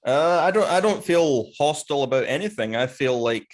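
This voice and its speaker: A man speaking as a podcast guest over a video call, deadpan and halting. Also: fairly high pitch. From Scotland. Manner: deadpan, earnest-sounding, halting. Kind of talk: deadpan comedic chat.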